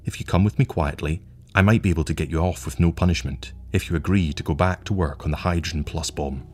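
A man voicing a calm, wry, menacing agent from the future who speaks in a measured, languid way. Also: a bass voice. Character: cold patient male agent from the future, menacing.

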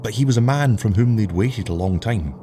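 A man voicing a patient, soft-spoken lieutenant who answers his captain deferentially. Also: on the low side, expressive, brisk, faint music behind, pitched above the performer's own voice, natural voice. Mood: quiet, awed. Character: patient, dazed young male lieutenant.

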